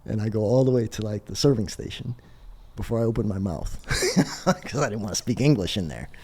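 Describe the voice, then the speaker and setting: Animated man telling a story, lively pitch. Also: fairly quick, breathy edge. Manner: animated, laughs through his story. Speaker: podcast guest. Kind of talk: casual storytelling conversation.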